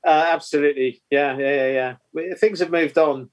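A man on a football podcast, laughing and answering with quick, repeated agreement. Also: a little high, fairly even intonation. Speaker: podcast co-host, school teacher. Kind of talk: casual chat.

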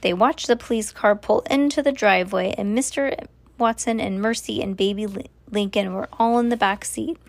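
A woman reading a children's storybook aloud at bedtime, gentle and lightly playful. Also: medium pitch, normal speed.

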